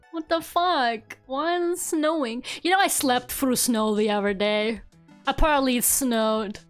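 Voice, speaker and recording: A woman's voice: sits high, measured pace, clear, resonant tone. A young woman streaming as a VTuber, chatting casually, giggling and swearing now and then, with faint game music behind her. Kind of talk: casual livestream chat.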